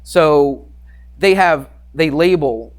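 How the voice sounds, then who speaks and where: A male math teacher telling a classroom story in a lively lecture, acting out quoted voices and sound effects for his students. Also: a little high, takes it slowly.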